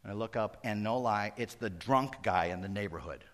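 A middle-aged male pastor preaching a sermon, moving between loud exclamations and hushed asides. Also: fairly low pitch, brisk.

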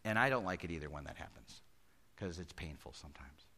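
A middle-aged pastor preaching a conversational sermon that rises to emphatic peaks. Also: male voice, a bass voice, expressive, a little fast, vocal fry, pushed and bright.

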